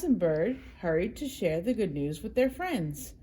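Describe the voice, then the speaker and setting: A woman leads a children's library storytime, her voice animated and sing-song. She reads in a slow, unhurried way, warm and encouraging toward young listeners. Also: lowish voice, breathy edge.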